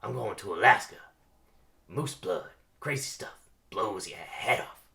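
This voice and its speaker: A man voicing a brash, streetwise male mosquito in a loud, swaggering voice, reading a cartoon script aloud. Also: fairly low pitch, animated, a little slow, vocal fry, heavily acted.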